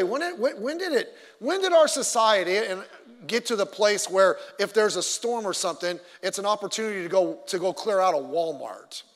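A middle-aged man preaching a sermon, telling stories animatedly with stammered restarts and acted-out voices. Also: high-pitched. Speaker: pastor. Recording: long hall reverb.

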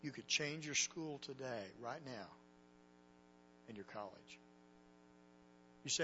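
A man's voice: mid-range voice, slow pace, pauses often, pushed and bright, highs cut off, a little hiss or hum. A man preaching a sermon to young people, telling a story earnestly and with emotion. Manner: earnest and emotional, quoting others.

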